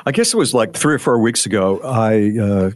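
A man's voice: on the low side, expressive, normal speed, no echo. A man co-hosting a radio show, chatting casually and reading listener posts aloud in a rambling, self-deprecating way that stumbles over words.

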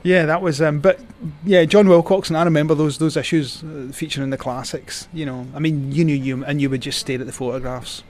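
A man's voice: a little high, fairly even intonation, brisk, hardly any pauses, darkish tone. A Scottish man, a cycling journalist, telling stories as a guest, rambling with many fillers and restarts. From Scotland. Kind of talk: casual storytelling.

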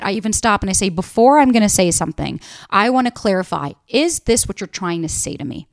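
A young woman hosting a solo podcast, giving blunt dating advice in a casual, animated way and swearing freely. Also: fairly high pitch, no room sound, studio quality. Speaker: podcast host.

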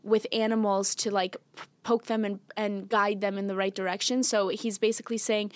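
A woman's voice: mid-range voice, little pitch movement, fairly quick, few pauses, no echo. Earnest woman co-hosting, dry sound. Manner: earnest, with playful teasing. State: sick, coughing. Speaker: podcast co-host. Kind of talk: casual faith podcast chat.

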